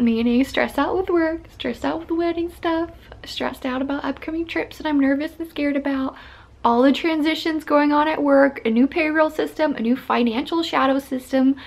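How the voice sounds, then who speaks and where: A woman's voice: high voice, vocal fry. A woman in her thirties chatting casually to camera in her bedroom as a vlogger, filling her talk with fillers and small laughs. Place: bedroom at home.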